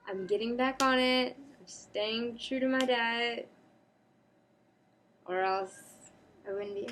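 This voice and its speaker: A woman's voice: a little high, a little hiss or hum. A woman chatting casually in a rambling home vlog, breaking off now and then to talk to her pet. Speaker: cosplay vlogger. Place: home apartment.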